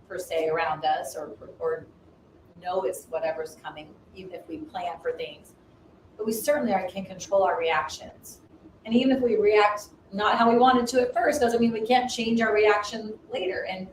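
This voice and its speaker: A woman minister and business coach in casual spiritual chat, animated and acting out inner voices. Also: mid-range voice. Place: home livestream. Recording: roomy, distant mic, faint noise.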